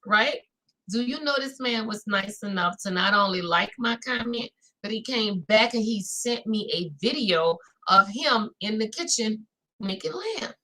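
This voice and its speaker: Louisiana woman host, high-ish bright voice, chatty, calls the audience y'all. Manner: chatty, talks straight to viewers with "y'all". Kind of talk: casual recap chat.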